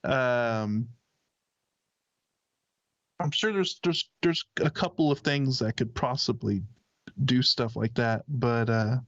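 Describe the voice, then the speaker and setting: A man's voice: mid-range voice, takes it slowly, long pauses, dry recording, highs cut off. A man co-hosting a talk show, musing speculatively and rambling with lots of hedging. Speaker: co-host. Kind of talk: casual radio-show chat.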